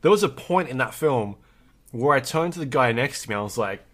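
A man co-hosting a podcast, telling stories in a relaxed, casual way with frequent swearing. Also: mid-range voice, brisk. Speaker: podcast co-host. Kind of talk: casual chat.

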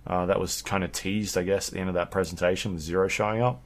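Low-pitched male podcast co-host, rambling casual delivery. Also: fast. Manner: rambling, filler-heavy, animated when telling stories. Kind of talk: casual chat.

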